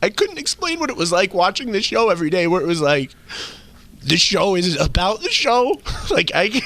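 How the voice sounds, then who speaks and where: A man's voice: sits high, very animated, fairly bright tone. A young man on a radio show, a former intern, telling rambling stories with many restarts and laughs. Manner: rambling, halting, laughs often. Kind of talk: casual radio chat, storytelling.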